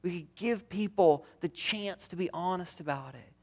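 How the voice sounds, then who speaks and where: A man preaching a sermon as pastor, earnest, moving between strong emphasis and hushed tender passages. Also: high-pitched, moderate pace. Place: church.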